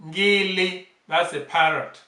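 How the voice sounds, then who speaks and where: A man teaching bird names, saying each word slowly and repeating it several times. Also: high voice, pushed and bright. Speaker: language teacher. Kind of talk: slow vocabulary lesson, repeating each word. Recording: echoey room, off-mic.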